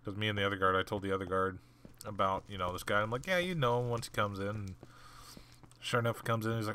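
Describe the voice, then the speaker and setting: A man hosting a gaming channel, casually telling a story while he plays and jumping higher in pitch when he quotes people. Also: quick pace, slight background noise. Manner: animated retelling, jumps higher when quoting people.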